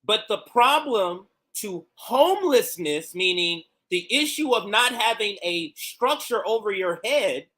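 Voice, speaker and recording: Male livestream host, high and bright, combative with rhetorical questions. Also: expressive, a little slow, few pauses. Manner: argumentative, pointed rhetorical questions. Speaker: political commentary host. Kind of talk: livestream commentary reacting to clips.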